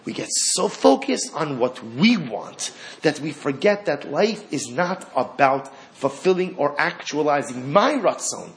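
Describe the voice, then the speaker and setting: A man teaching a Torah class, animated, asking rhetorical questions and acting out the lines of the story. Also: a little high, a little slow.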